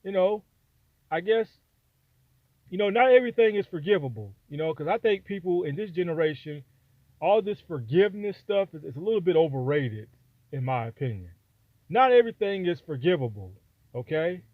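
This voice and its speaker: Brief: fired-up high-pitched man, AAVE, profane vlog rant, tinny phone-quality audio. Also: animated, moderate pace, dry recording. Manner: heated, profane, repetitive. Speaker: vlogger giving opinion. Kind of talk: angry opinion rant. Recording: dry, phone-like sound.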